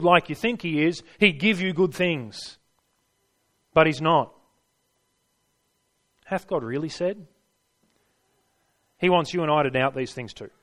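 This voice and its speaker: A man's voice: a little high, fairly bright tone. Emphatic preacher, a man. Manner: emphatic, rhetorical questions to the listeners. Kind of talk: sermon.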